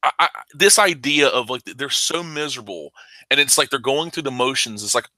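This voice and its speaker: A man with a very bright, forceful voice talks comics retail on a podcast, fired up and swearing freely. His sound is dry and close, with no room around it. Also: mid-range voice, a little fast, no room sound. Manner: impassioned and profane, swinging into loud outbursts. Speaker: comic shop owner guest. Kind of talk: casual podcast chat.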